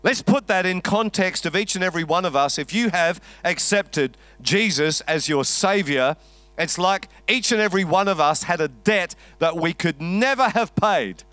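A man's voice: sits high, animated, moderate pace, fairly bright tone, no echo. A man preaching a sermon, telling a story with a wry, conversational humor. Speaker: pastor.

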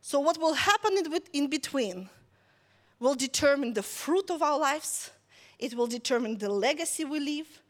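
A woman preaching a conversational sermon, telling a story lively and checking in with listeners as she goes. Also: high-pitched, normal speed.

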